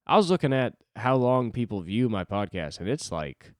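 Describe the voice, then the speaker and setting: A man's voice: mid-range voice, big pitch swings, moderate pace, dry recording, clean studio sound. A man, a stand-up comic and podcast host, rambling alone at a desk in a loose, self-deprecating way and swearing freely. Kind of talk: solo rambling podcast monologue.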